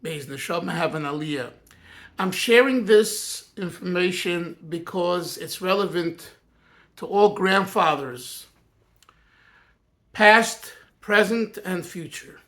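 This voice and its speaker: A man, a Yiddish speaker, reminiscing in a personal talk as a rabbi, earnest and halting with many restarts. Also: high-pitched, lively intonation, fairly bright tone. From United States.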